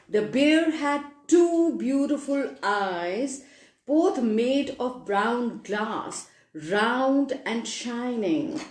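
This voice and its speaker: A woman reading a children's story aloud, expressive and animated, with sound effects. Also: a little high. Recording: echoey room.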